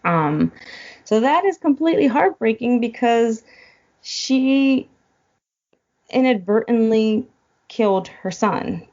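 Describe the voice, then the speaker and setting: A woman's voice: on the high side, expressive, takes it slowly, long pauses, a little mellow, lo-fi sound. A woman guest in a casual chat, retelling a film plot and getting choked up as she goes. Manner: emotional, choked up while retelling. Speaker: podcast guest.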